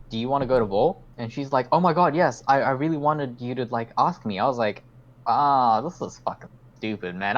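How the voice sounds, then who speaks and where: On a muffled recording, a medium-pitched young podcast host rambles through a story in casual conversation, cursing frequently and performing his own lines.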